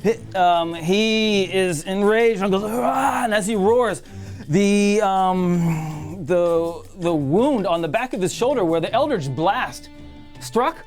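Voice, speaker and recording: A game master running a tabletop game in a studio, quick with rulings and sound effects. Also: mid-range voice, darkish tone, soft background music. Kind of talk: narrating and refereeing a tabletop game.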